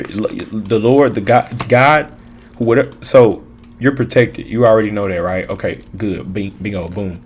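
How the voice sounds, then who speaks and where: Male tarot reader, lowish voice, emphatic and repetitive, casual street slang. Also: a little hiss or hum. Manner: preachy, emphatic, repeats phrases, slangy.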